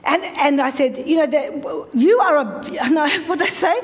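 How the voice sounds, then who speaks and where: Animated high-voiced woman pastor. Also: normal speed. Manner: animated storyteller acting out phone calls. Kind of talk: storytelling sermon.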